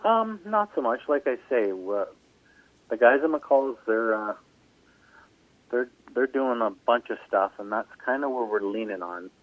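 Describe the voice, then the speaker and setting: Race driver guy calling in, halting talk, tinny phone sound. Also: medium pitch, animated, dry recording. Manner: halting, repeats "like I say". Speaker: racing driver guest. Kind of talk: phone-in radio interview.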